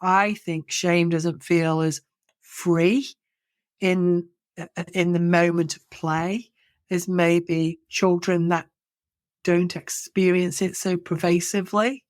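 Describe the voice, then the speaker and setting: Lower-pitched woman, dry sound. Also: slow pace, no echo. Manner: animated storytelling, many restarts and self-corrections. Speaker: podcast co-host. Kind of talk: casual conversational podcast.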